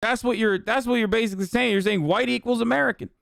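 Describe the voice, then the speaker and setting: A man's voice: very high-pitched, fairly even intonation, fast talker, gravelly, a bit bright, no echo, studio quality. A man streaming heated political commentary, ranting angrily and swearing constantly. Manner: profane, angry ranting.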